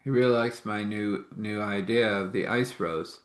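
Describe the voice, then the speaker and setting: Low-voiced man telling a rambling story. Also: steady tone, moderate pace, echoey room. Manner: rambling, acts out quoted dialogue. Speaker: faith storyteller. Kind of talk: casual spoken storytelling.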